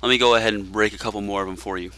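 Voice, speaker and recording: A Texan man doing comedic gameplay commentary in a low, bright and forceful voice. His tone is smooth and crisp, and he delivers tall-tale jokes deadpan. The sound is close and dry. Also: racing, dry recording. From Texas. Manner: deadpan tall-tale joking with frequent uh fillers.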